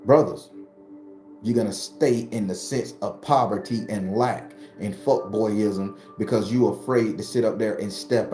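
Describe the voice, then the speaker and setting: A man's voice: lowish voice, warm tone. A man, giving a blunt, profane personal testimony to his viewers. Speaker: spiritual video host. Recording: roomy echo with music behind.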